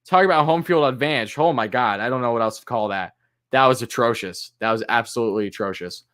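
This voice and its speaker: A man hosting a live fan stream, calling pitches play-by-play and griping and swearing about the umpires in an exasperated voice that jumps high on big moments. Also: a bit bright, clean tone. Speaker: fan commentator and stream host.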